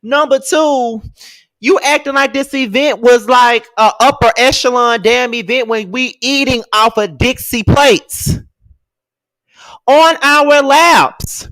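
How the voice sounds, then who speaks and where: A man's voice: very high voice, takes it slowly, fairly bright tone. A man giving a casual rant as a commentator, sassy, profane and emphatic.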